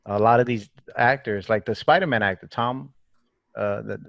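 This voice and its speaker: A man's voice: lowish voice, normal speed, vocal fry, no echo, muffled recording. A man chatting casually on a video call, rambling a little.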